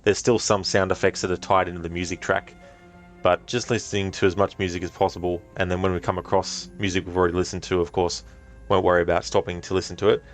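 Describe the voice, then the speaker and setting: A man casually commenting on a game he is streaming, relaxed and answering chat with many ums. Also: low-pitched, quick pace, soft background music. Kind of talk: casual let's-play commentary.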